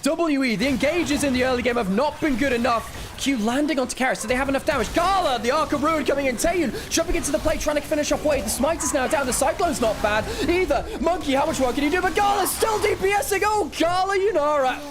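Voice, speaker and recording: A man from Wales calls a live esports match in energetic play-by-play, reacting loudly to the action. He groans and curses at bad plays. Music plays clearly behind his voice. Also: extremely high pitch, fast talker, few pauses. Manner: excitable, swears and groans at plays. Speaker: esports commentator.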